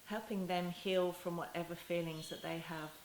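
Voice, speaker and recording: A parenting educator with a lowish voice teaches in a talking-head video, explaining gently and without hurry, with fairly even intonation. She frequently breaks off and restarts sentences, and drifts into soft, tender lines as though addressing a child. Her room echoes, and a faint hiss sits beneath her voice.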